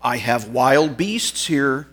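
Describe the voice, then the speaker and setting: A man voicing a commanding Roman governor who issues forceful demands and threats in a sermon story. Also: medium pitch, animated, takes it slowly, breathy edge, full character voice. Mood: stern.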